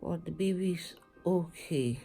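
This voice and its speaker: With faint music behind her, a pregnant vlogger chats casually to camera from a hospital room while awaiting labor, weary and circling back to the same phrases. She speaks a bit slowly in a fairly low, dark voice with vocal fry.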